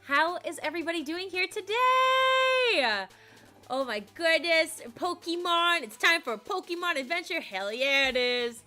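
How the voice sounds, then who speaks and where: A young adult woman streamer with a hoarse, cracking voice, chatting casually on a live stream, bubbly and giggly as she greets her viewers. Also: extremely high pitch, animated, measured pace, bright, forceful tone, faint music behind.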